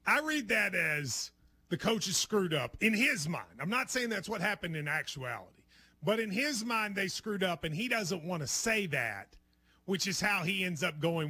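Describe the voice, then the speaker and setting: High bright sports host guy from kentucky, jokey casual chat. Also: sing-song, moderate pace, breathy edge. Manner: joking, teasing, loose. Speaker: sports radio and podcast host.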